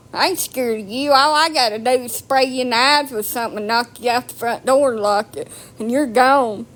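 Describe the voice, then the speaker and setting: A woman's voice: fairly high pitch, a bit bright. Profane, mocking woman ranting. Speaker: vlogger. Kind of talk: ranting monologue.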